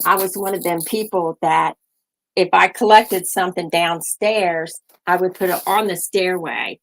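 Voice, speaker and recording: A woman's voice: fairly low pitch, fairly even intonation, measured pace, a bit bright, low-quality recording. An older woman hosting a casual chat, telling family stories in a chatty way, laughing often and acting out what her family said. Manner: chatty storytelling, laughs often, acts out family members' lines. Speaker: host.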